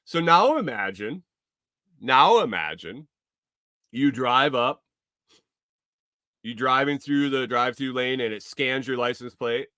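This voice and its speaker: A man's voice: medium pitch, expressive, takes it slowly, long pauses, pushed and bright, no echo, clean studio sound. A man hosting a podcast, talking in a rambling, jokey, profane casual monologue. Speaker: podcast host.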